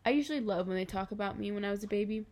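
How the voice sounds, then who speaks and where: A woman narrating a children's novel aloud in an even, unhurried reading. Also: medium pitch. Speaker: audiobook narrator. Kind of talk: scripted narration.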